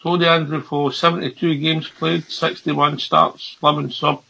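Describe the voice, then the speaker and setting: A man's voice: on the high side, flat delivery, normal speed, gravelly, sharp tone, muffled recording. A man on a fan radio panel, offhandedly reading out a player's statistics over an online call. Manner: reads out stats, offhand. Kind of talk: casual football chat. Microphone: online group call.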